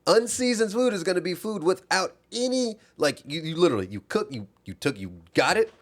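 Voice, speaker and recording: A man's voice: sits high, big pitch swings, brisk. A young adult man co-hosting a casual comedy podcast, rambling and correcting himself as he argues his point. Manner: rambling, self-correcting, questioning. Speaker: podcast co-host.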